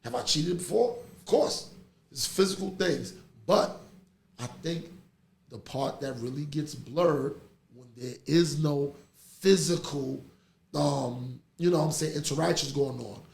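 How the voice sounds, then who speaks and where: A middle-aged man chats on a podcast. His voice has gravelly fry and sits a touch high. He swings from easy storytelling into loud laughter, in an echoey room with faint background noise. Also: unhurried. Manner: animated storytelling, laughs through stories. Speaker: podcast host. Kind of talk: casual chat.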